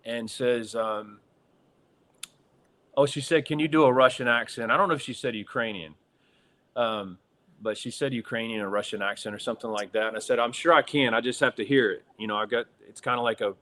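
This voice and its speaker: A middle-aged man with a Southern accent, a guest telling stories in a casual interview, excitable, laughing often and saying "dude" a lot. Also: mid-range voice, normal speed. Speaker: guest actor.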